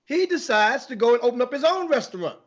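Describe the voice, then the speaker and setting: A man's voice: extremely high pitch, big pitch swings, fast, breathy edge, muffled recording. A man hosting a casual sports talk show, telling a long rambling story with many restarts.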